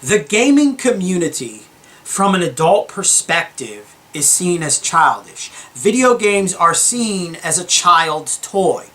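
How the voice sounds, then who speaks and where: A young man hosting his gaming channel, giving a calm, earnest opinion monologue with many fillers and restarts. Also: sits high, takes it slowly. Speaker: gaming YouTuber.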